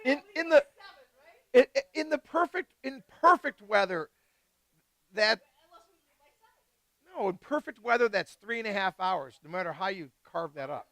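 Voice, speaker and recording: A man hosting a live wine tasting, chatting casually and excitedly with guests and swearing freely. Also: sits high, dry recording. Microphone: live stream mic.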